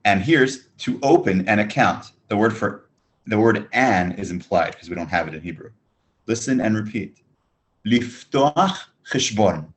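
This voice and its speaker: A man leads a beginners' Hebrew lesson over a webinar microphone. His voice sits a little low, and he spaces out each word for listeners to echo back. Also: expressive. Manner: slow, drilled listen-and-repeat prompts. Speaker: Hebrew teacher. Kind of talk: online language lesson.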